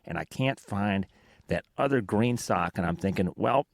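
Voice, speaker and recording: A man's voice: lowish voice, sing-song, normal speed, vocal fry, a little mellow, dry recording, clean studio sound. A man with a Southern American accent hosting a casual podcast, telling rambling, self-deprecating stories. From Alabama, United States. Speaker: podcast host.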